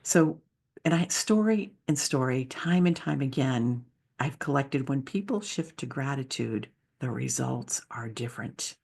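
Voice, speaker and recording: A woman's voice: very deep voice, animated, measured pace, creaky, darkish tone, breathy edge. A woman who is a leadership speaker and author, giving an enthusiastic, conversational presentation with slides.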